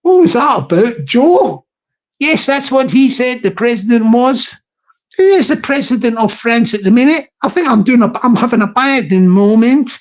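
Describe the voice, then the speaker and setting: A man's voice: very high-pitched, animated, moderate pace, muffled recording. A man with a London accent hosting a casual livestream, rambling and chuckling as he chats. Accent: London English. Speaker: livestream host.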